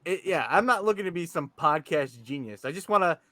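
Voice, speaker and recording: A man's voice: on the high side, brisk, no echo, studio quality. A man hosting a casual podcast, speaking animatedly into a podcast microphone and poking fun at himself. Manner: animated, self-deprecating, talks to listeners. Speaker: podcast host. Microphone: podcast microphone with headphones.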